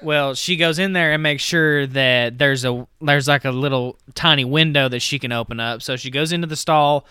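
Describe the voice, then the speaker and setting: Bright, crisp-voiced man recapping a movie. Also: mid-range voice, normal speed, few pauses, no echo. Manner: rambling, heavy on "like" and "you know". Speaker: podcast co-host.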